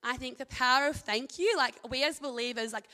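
A young woman, giving a casual devotional talk as a Christian university student, enthusiastic and animated in quick bursts. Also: high-pitched.

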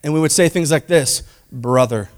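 A man with a notably high voice delivers a sermon to his congregation. He is animated and conversational, acting out quoted voices and dropping from loud, emphatic lines to near-whispers. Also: moderate pace. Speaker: pastor.

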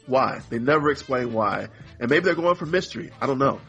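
A man's voice: medium pitch, normal speed, a bit bright, dull audio, faint music behind. A man co-hosting a podcast in casual chat, rambling and exasperated, acting out characters in mock voices. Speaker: podcast co-host.

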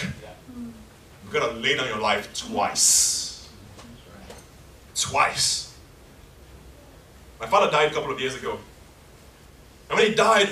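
A man's voice: fairly high pitch, bright, forceful tone, reverberant, far from the mic, a little hiss or hum. A man preaching a passionate sermon, acting out scenes in different voices. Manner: impassioned, acts out scenes in many voices.

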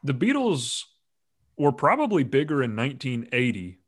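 A man's voice: mid-range voice, huge pitch swings, normal speed. A man hosting a casual podcast chat, rambling and joking, often laughing mid-sentence. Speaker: podcast host.

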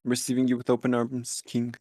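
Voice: mid-range voice, monotone, fairly quick, a little mellow, dry recording. A co-host chatting casually on a podcast, easygoing and playful, laughing often. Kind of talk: casual chat.

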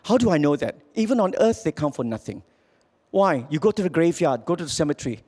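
A man preaching a sermon as pastor, swinging from loud calls to quiet, low lines. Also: very animated, fast talker.

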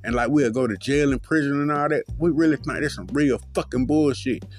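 A man's voice: mid-range voice, a little fast. A man hosting his own solo podcast, talking in a profane, rambling, loose way with lots of fillers. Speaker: podcast host.

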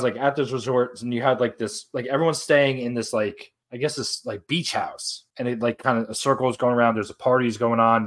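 A man's voice: mid-range voice, a bit bright. A young man co-hosting a podcast, telling a long rambling story in casual chat. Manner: rambling storyteller, acts out voices in his tales. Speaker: podcast co-host.

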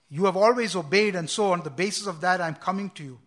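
Male preacher, high voice, bright tone, earnest sermon, restarts often. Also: fast, hardly any pauses. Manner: earnest, repeats words and restarts, quotes scripture with emphasis.

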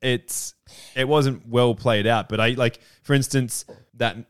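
A man's voice: medium pitch, fairly even intonation, a little slow, smooth, no echo, studio quality. A man co-hosting a casual podcast, rambling about a TV show with many "like"s. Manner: rambling, full of fillers. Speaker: podcast co-host. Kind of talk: casual chat reviewing a TV show.

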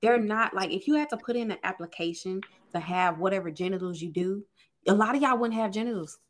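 A woman's voice: medium pitch, fairly quick. A young adult woman co-hosting a podcast, chatting casually, laid-back and profane, laughing often. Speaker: podcast co-host. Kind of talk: casual chat.

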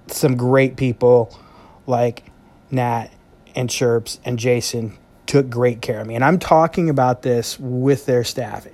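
A man's voice: mid-range voice, a little mellow. Solo podcast host, man, heartfelt and conversational, mid-range voice. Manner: earnest, heartfelt, conversational with pauses. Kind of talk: reflective solo podcast monologue.

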